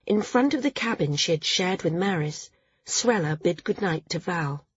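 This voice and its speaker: A woman narrating a novel in an even, measured way. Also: on the low side, breathy edge, no room sound, lo-fi sound. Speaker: audiobook narrator. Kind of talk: scripted narration.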